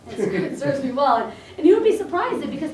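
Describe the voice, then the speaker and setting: A woman chiropractor gives a casual, chatty seminar talk to colleagues in a meeting room, acting out bits of dialogue. Her high voice swings widely in pitch, moves quickly and has a darkish tone. The room echoes, the mic is distant, and slight background noise is present.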